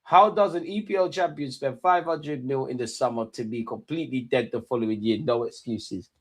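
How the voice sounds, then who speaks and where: A man's voice: mid-range voice, a little fast. A young man hosting a live football watch-along, bantering with his chat in slang, swearing and laughing often.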